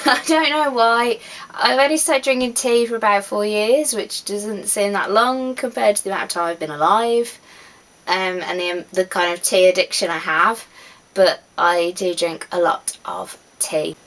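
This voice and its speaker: A woman's voice: on the high side, low-quality recording. Chatty woman vlogging. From West Midlands, England. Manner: chatty, laughs easily, trails off softly. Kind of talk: casual chat to camera.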